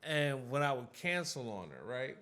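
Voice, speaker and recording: A man, a guest rapper, chatting casually on a podcast and telling animated stories with frequent laughter. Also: mid-range voice, normal speed. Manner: animated storyteller, laughs often.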